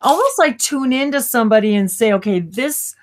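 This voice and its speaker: A woman co-hosting a live spiritual stream, talking casually over a video call, rambling and cutting herself off with quick laughs. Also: on the high side, animated.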